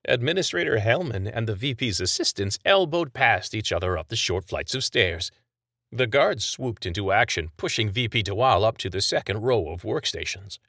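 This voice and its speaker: A man narrates a story in a deep-set, low voice, keeping a measured and even storytelling pace. The recording is dry and close, with no room sound around the voice. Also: no room sound. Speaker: author narrating his own story. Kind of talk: scripted audiobook narration.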